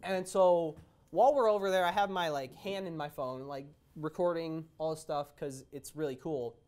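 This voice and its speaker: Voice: medium pitch, steady tone, moderate pace, a little mellow. A young adult co-host telling a story in a casual chat, meandering and stop-start, with frequent hesitations.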